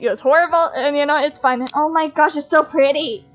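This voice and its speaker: A woman reading a dating game's text aloud as she plays, excitable and quick to laugh, with mock outrage. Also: sits high, faint music behind. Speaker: gaming streamer. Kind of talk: let's play commentary, reading game text aloud.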